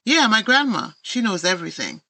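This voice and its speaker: A woman's voice: mid-range voice, very animated, brisk, pushed and bright, breathy edge, full character voice. A woman with an Antiguan accent voicing a laid-back, friendly young male jellyfish in a children's story, talking in breezy, easygoing banter.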